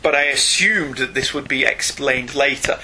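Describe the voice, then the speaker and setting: A man co-hosting a casual podcast, sarcastic and self-mocking, talking in an animated way. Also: medium pitch, moderate pace, a little hiss or hum, rough recording. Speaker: podcast co-host. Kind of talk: casual comic book podcast chat.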